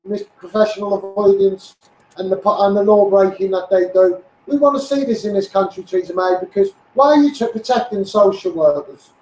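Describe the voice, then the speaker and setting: A man's voice: high voice, a little fast, warm tone, echoey room, recorded from a distance, poor audio. A man with a mixed Scouse and Essex accent, ranting passionately on a live stream, greeting his viewers by name and repeating himself. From England. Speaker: campaigner live-streaming to followers. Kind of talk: impassioned live-stream rant.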